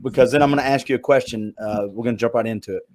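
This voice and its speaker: A middle-aged man with a broad Southern accent hosts a casual livestream chat. He talks fast and loosely in an ordinary mid-range voice. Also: medium pitch. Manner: fast, relaxed talker. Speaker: podcast host. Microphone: livestream video call.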